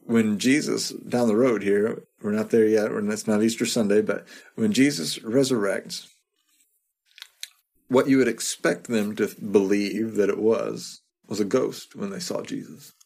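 A man giving a sermon as a pastor, talking in a conversational way, often repeating a word and adding quick asides. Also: on the low side, darkish tone. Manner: conversational, repeats words, chuckles to himself.

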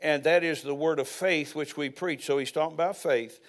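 Folksy older preacher, slightly high voice. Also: male voice, normal speed. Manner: folksy storytelling preacher with asides. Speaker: pastor. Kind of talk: sermon.

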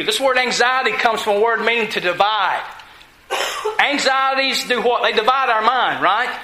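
A man's voice: high-pitched, moderate pace, bright, forceful tone. A man preaching a sermon in a folksy, conversational way, full of rhetorical questions to his church. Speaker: pastor. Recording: echoey room.

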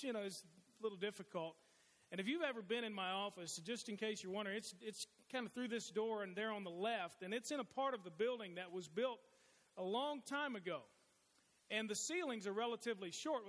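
In a high, slightly bright voice, a middle-aged pastor preaches a sermon full of folksy stories, restarting his sentences often. The church sanctuary gives the recording the long reverb of a large hall.

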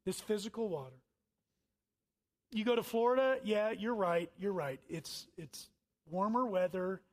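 Middle-aged male pastor, high voice, sermon delivery, dynamic swings from loud to hushed. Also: measured pace. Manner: swings from loud emphatic lines to quiet near-whispers.

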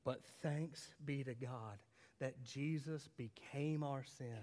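A man preaching a sermon as a pastor, swinging from loud emphatic lines to low quiet ones and asking the congregation questions. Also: fairly even intonation, slow pace, in a large hall. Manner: dramatic, rising and falling intensity, rhetorical questions.

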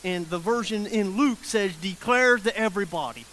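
A man with a high voice preaches a loose, conversational sermon. He repeats key phrases and keeps checking in with his listeners. A faint hiss runs under the recording. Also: moderate pace, fairly bright tone. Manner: conversational preaching that acts out the people in the story.

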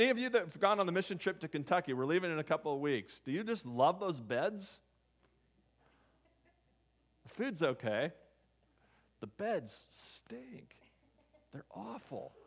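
A pastor with a high, fairly bright voice preaches a sermon in a conversational style, putting questions to his congregation.

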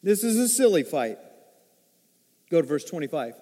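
A man delivers a sermon from the pulpit, his voice sitting high for a man. He swings between loud, emphatic lines and hushed, low asides. Long reverb trails off each phrase. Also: big pitch swings, moderate pace, pauses often. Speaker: pastor. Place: church sanctuary.

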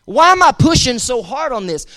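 This male pastor's voice is extremely high, very animated, pushed and bright, at a moderate pace. His sermon is emphatic and repetitive, with words repeated for emphasis, call-and-response with the congregation, and casual asides.

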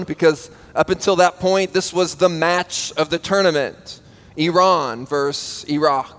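A man's voice: high-pitched, clean tone. A man preaching a sermon in a church, telling a story and then urging his congregation on with rising emphasis. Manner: storytelling, builds to emphatic exhortation. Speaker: pastor. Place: church sanctuary. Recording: long reverb of a church hall.

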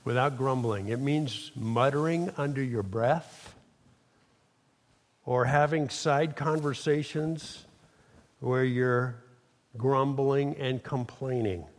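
A man's voice: mid-range voice, slow. Preaching man in a reverberant hall. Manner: emphatic call-and-response preaching. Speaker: pastor. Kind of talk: sermon. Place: church sanctuary.

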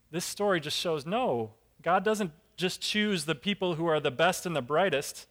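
A man's voice: fairly high pitch, expressive, normal speed, hardly any pauses, fairly bright tone. A man preaching a casual, conversational sermon as a pastor, self-deprecating and acting out characters' lines.

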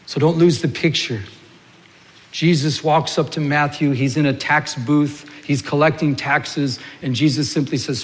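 A fairly high-voiced man preaches from the pulpit, a pastor who turns everyday moments into lively little scenes. His voice carries through a church sanctuary with a long, ringing reverb trailing each phrase. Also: moderate pace. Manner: animated storyteller, acts out little scenes. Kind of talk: sermon.

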